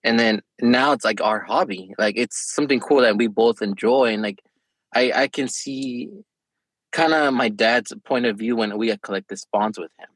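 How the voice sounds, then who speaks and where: A man co-hosting a casual podcast chat, easygoing and reminiscing in quick bursts. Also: mid-range voice, a bit bright, dry recording, poor audio. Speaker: podcast co-host.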